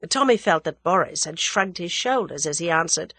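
Steady woman narrator, dry studio read. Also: fairly low pitch, moderate pace, hardly any pauses, no room sound. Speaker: audiobook narrator. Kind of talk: scripted narration.

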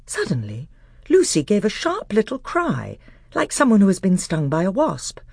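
A woman narrating a storybook aloud with expressive storytelling. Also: mid-range voice, normal speed, gravelly, slightly rough, no echo, clean studio sound. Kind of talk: audiobook reading.

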